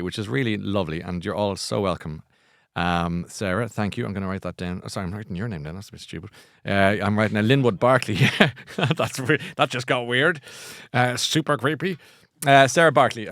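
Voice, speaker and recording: A man's voice: lowish voice, fairly bright tone, dry recording, clean studio sound. A middle-aged Irish man hosting a book show, chatting casually in a rambling, self-mocking, jokey way. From Ireland. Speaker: podcast host. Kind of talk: casual chat.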